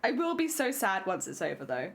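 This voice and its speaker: A woman's voice: medium pitch, wildly swooping pitch, fairly quick, vocal fry, over music. A young woman streaming, chatting casually with her audience, laughing often and trailing off mid-thought.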